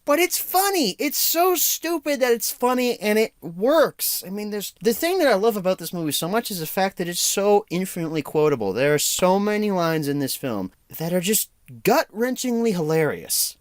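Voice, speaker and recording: A young man giving a casual solo movie review, animated and laughing often. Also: high-pitched, moderate pace, hardly any pauses, no echo, studio quality.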